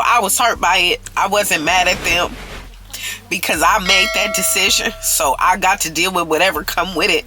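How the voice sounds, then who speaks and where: A man's voice: fairly high pitch, sharp tone, low-quality recording. A man in his thirties telling a confessional storytime vlog, earnest and emotional, often checking in with "okay?". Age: 30s. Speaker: vlogger.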